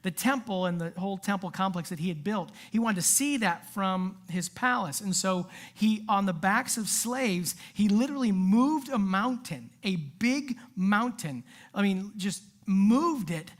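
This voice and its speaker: Brief: woman pastor, conversational sermon delivery with lively asides, at a middle pitch. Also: measured pace. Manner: casual, animated preaching with asides. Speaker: youth pastor.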